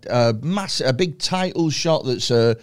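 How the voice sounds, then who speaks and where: A man's voice: mid-range voice, animated, a little slow, smooth. Swearing, rambling man. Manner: rambling storyteller, swears freely, laughs often. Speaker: podcast host. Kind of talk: casual chat.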